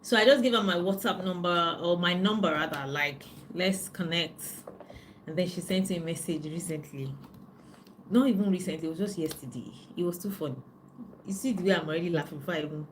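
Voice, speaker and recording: A woman, a life coach chatting with viewers on a live stream, telling stories in an animated way. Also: fairly low pitch, a little fast, a little hiss or hum. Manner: chatty, animated storytelling with frequent "you know".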